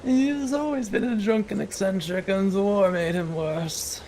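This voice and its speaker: A man voicing a solemn old male village priest with slow, grave delivery, read off game text. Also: high voice, a little mellow, slight background noise, voice pushed down.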